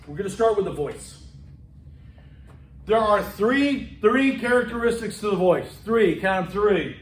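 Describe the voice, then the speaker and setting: A middle-aged man giving a college lecture in a classroom, loud and animated, with chatty asides and repetitions. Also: a little high, recorded from a distance. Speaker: college instructor. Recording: echoey room.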